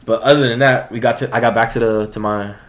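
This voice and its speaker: A man's voice: medium pitch, fairly even intonation, quick pace, a loud crowd. A young man from Florida telling a story in a casual chat, acting out what people said, with lots of slang.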